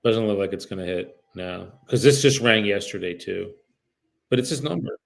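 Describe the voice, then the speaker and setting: A man with a low, gravelly voice makes cold calls on a livestream, talking casually and directly to his viewers. On the phone he turns polite and apologetic. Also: normal speed. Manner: chatty, addresses viewers directly. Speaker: real estate agent.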